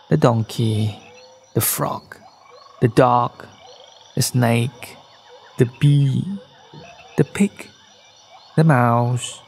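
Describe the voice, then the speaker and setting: A man narrating a children's bedtime story in a gentle read-aloud manner, recorded in a studio. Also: mid-range voice, creaky, a little hiss or hum. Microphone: studio microphone.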